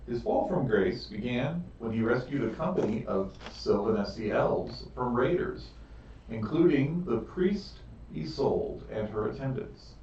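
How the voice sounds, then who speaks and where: A male game master reads out scenes in a slow, deliberate way. He sounds distant from the mic, in a roomy space with a dull, muffled tone. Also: fairly low pitch, dark tone, slight background noise. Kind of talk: narrating a tabletop game. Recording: echoey room, far from mic, dull.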